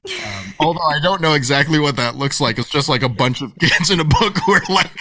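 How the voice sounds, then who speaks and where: A man's voice: fairly high pitch, brisk, no room sound. A man in his forties, a podcast guest, telling a story in a casual interview, acting out the voices of the people in it and laughing often. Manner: animated storyteller who acts out quotes and laughs often. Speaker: podcast guest, author and speaker.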